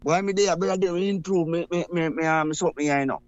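A man with a Jamaican accent calling in to a radio show, talking in rapid, excited patois. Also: fairly high pitch, no room sound, dull audio. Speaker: caller.

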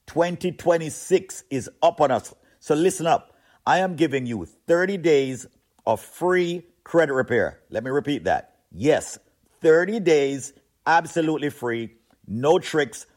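A man pitching hard in a radio ad, his delivery punchy and insistent like a salesman. His voice sits at an ordinary middle pitch. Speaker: credit repair spokesman.

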